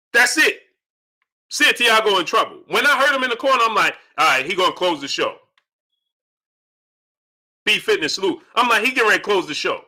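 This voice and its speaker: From home, a man hosts a live-streamed boxing talk show, welcoming viewers in the chat. His voice sits high, and he loudly reenacts himself yelling at the screen.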